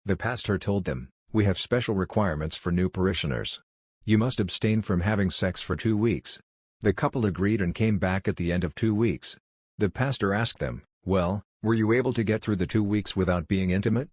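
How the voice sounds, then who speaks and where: A man reading a string of jokes aloud in a dry, deadpan way. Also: lowish voice, moderate pace, breathy edge, no room sound. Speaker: joke narrator.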